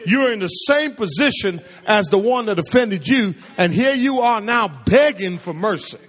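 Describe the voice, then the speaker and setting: In a church sanctuary, a man preaches a sermon in a high-pitched, expressive, fairly bright voice at a moderate pace. He uses call-and-response and repeats phrases for emphasis. The hall is echoey, with long reverb.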